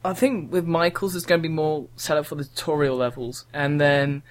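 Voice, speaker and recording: Chatty young man, slightly high voice. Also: fairly even intonation, a little fast. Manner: rambling, chatty, frequent ums. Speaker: podcast co-host. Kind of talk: casual gaming podcast chat.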